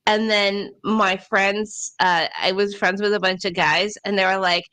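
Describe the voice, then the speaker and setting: Bright-voiced woman telling a story. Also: mid-range voice, measured pace. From Ontario, Canada. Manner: animated, laughing, acts out quotes. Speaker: podcast co-host. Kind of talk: casual storytelling.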